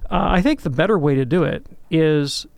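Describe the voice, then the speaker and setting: Gravelly-voiced man explaining with animation. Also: fairly high pitch, a little fast, dry recording. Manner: animated, lecturing, tags points with "right?". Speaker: guest answering a listener's question. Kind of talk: call-in radio discussion.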